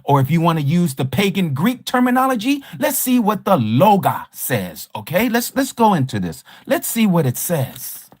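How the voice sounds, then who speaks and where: A high, sing-song male voice at a moderate pace, with few pauses, leads a livestreamed Bible study. Emphatic and rhetorical, he repeats key phrases and combatively challenges a rival teacher. The recording is dry.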